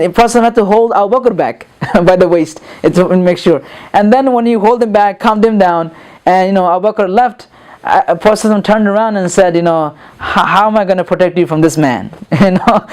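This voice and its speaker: A man's voice: sits high, quick pace, darkish tone, clear, resonant tone. A man giving a casual spoken lesson, repeating words and filling gaps with "you know" while he acts out examples. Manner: rambling, repeats words, many fillers, acts out quotes. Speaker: instructor.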